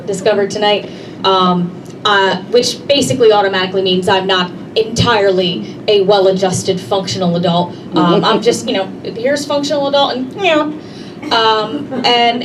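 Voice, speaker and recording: A woman performing a stand-up comedy set, brash and conversational, talking straight to the crowd. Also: medium pitch. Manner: brash, conversational, addresses the audience directly. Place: comedy club stage. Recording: distant mic, noisy room ambience.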